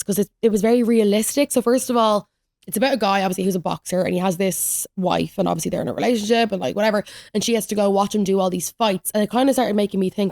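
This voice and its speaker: A young woman hosts her podcast, spilling stories fast and loose, full of "like" and quick asides. Her voice sits mid-range, and the sound is close and dry with no room around it. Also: medium pitch, darkish tone, no room sound. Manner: chatty, rambling storytelling with lots of "like". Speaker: podcast host. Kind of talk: solo podcast rant, casual chat.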